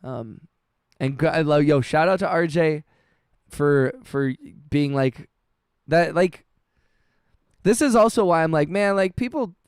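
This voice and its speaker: A man with a raised, clear, resonant voice chats live with his viewers, full of "bro" and "dude". He stumbles and restarts often, and swears freely. The sound is dry and close, with no room echo. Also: fairly high pitch, unhurried, long pauses. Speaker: livestreaming music producer. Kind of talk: casual livestream chat, reading chat messages.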